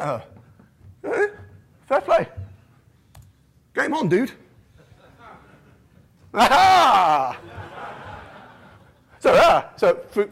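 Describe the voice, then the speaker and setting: A man's voice: sits high, slightly rough. A British man from the United Kingdom giving a jokey, self-mocking conference keynote, often tagging lines with "right?".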